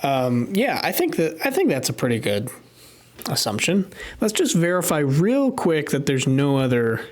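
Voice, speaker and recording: A man live-streaming a puzzle game thinks aloud and mutters to himself at his desk microphone as he works things out, giving casual commentary. His voice is a little high and a little mellow, very animated, at a moderate pace.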